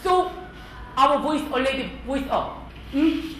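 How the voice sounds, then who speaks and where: A middle-aged woman from Korea speaks English with a strong Korean accent, teaching a class in a forceful, scolding way. Her voice sits high and swings widely. The sound bounces around a very reverberant hall with a faint hiss underneath. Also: animated, slow. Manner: emphatic, scolding, asks the class questions. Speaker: workplace culture teacher. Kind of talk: lecturing a class. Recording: very echoey hall with faint noise.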